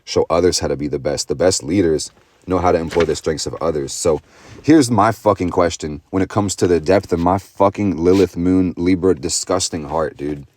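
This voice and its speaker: A man's voice: deep voice, normal speed, a little mellow. A young man in a profane, intense motivational astrology monologue, full of slang and swearing. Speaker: astrology vlogger.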